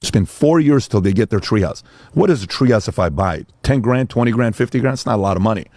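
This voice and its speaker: A middle-aged man and father telling a story in casual talk, animated and acting out quotes in voices. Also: fairly low pitch, fast talker, no room sound. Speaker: father and speaker.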